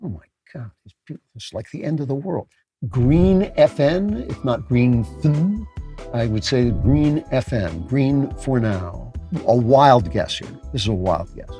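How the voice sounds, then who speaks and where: A man's voice: medium pitch, darkish tone. A man in his late seventies hosting a comedic talk segment, dry and sarcastic, muttering asides as he guesses. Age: 70s. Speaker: show host.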